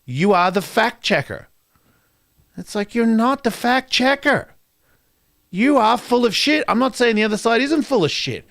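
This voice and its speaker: A man's voice: extremely high pitch, lively intonation, normal speed. Ranting profane man doing stand-up. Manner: profane, ranting, swings loud and soft. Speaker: comedian. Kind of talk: stand-up rant.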